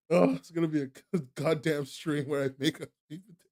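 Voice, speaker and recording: Talking to his chat during a live stream, a young man laughs often and plays up mock outrage for fun. His voice is a little high and darkish, steady in tone, and fairly quick.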